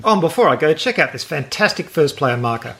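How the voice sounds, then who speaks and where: A man's voice: a little high, sing-song, quick pace, fairly bright tone. A man hosting a board game channel, talking casually through an unboxing with chatty, jokey, delighted asides.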